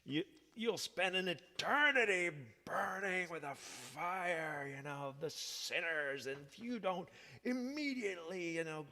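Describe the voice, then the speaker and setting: Guy putting on a fire and brimstone preacher, high and booming, damning everyone, long echo. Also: expressive, unhurried, gravelly, bright, forceful tone, heavily acted. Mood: fiery. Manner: declaiming, threatening damnation.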